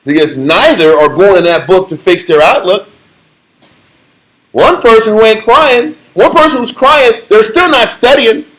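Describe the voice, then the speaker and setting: A man with a notably high-pitched voice leads a lively scripture class. He preaches in an emphatic, challenging way, throwing rhetorical questions at the room. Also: unhurried, poor audio. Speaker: Bible teacher.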